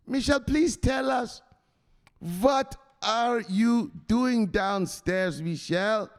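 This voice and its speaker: A man's voice: high voice, slow pace, big-room sound, voice pushed up. A man voicing a mother who theatrically pleads with her son to come up from downstairs. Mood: pleading.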